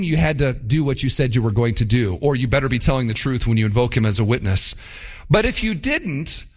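Animated male preacher, lively pitch. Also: a little fast. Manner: animated, emphatic preaching with mock quotes. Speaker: pastor. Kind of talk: sermon.

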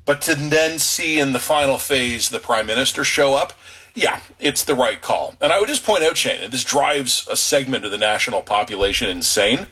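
A man's voice: mid-range voice, expressive, normal speed, bright, forceful tone, husky. A man giving political commentary as a radio guest, in an emphatic way. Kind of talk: interview commentary.

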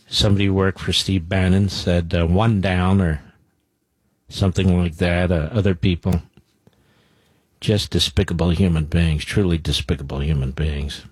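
A man's voice: low-pitched, a little mellow, husky, no room sound. A man hosting a talk radio show, speaking bluntly and combatively in an opinionated monologue.

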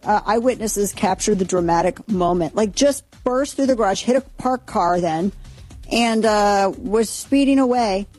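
A woman's voice: medium pitch, unhurried, darkish tone, faint music behind. A woman hosting a radio talk show, chatting casually through news items with fillers and asides. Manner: chatty, rambling, lots of fillers. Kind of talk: casual news chat and read ad.

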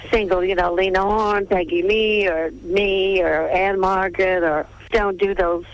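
An older woman who grew up in Texas, a veteran film star reminiscing in a radio interview over the phone, listing names at an unhurried pace. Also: mid-range voice, steady tone, no echo. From Texas, USA. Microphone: telephone. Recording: tinny phone line, radio broadcast.

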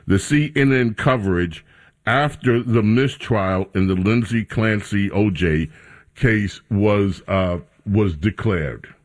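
A man's voice: fairly low pitch, slow pace. A man hosting a talk radio show, introducing clips and guests in a casual, rambling way. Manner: sarcastic, mocking reporters in a raised voice.

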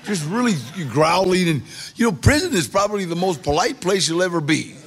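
Gravelly, animated male storyteller. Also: high-pitched, slight background noise. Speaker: storyteller guest. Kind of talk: personal storytelling.

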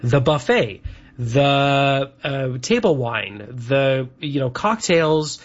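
A man's voice: medium pitch, expressive, takes it slowly. A man from Canada co-hosting a show, rambling chattily through lists with lots of fillers. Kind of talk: casual chat. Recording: dull lo-fi sound.

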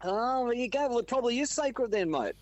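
A man's voice: very high voice, expressive, fairly quick, dry recording. An Australian man who is a guest musician on a radio show, talking in an easygoing, agreeable way and often calling people mate. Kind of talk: casual radio chat.

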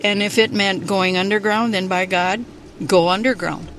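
An older woman, a local resident, speaking slowly and emphatically in a moving car. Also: medium pitch, steady tone, fairly bright tone, soft background music, poor audio. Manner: slow, emphatic, plainspoken. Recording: car noise behind, field recording.

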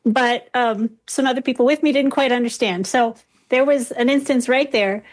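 A woman research professor, a guest on an interview, explaining in a clear, measured way. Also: fairly high pitch.

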